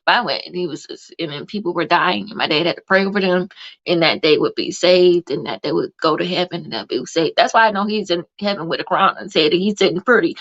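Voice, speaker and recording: Gravelly-voiced woman hosting a podcast. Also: lowish voice, fast talker, fairly bright tone, dull audio. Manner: rambling storyteller with many fillers. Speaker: podcast host. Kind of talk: casual live podcast chat.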